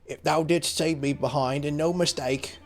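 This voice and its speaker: A man's voice: on the high side, steady tone, moderate pace, faint music behind, lightly acted. A man putting on a bumbling British thief. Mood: contrite. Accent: put-on British. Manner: mock-archaic, rambling. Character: bumbling, apologetic male thief.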